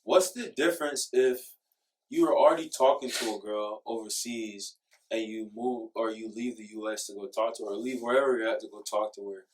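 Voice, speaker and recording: A man's voice: fairly low pitch, far from the mic. A young man chatting casually as a podcast co-host, teasing his friend and laughing often. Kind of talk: casual chat.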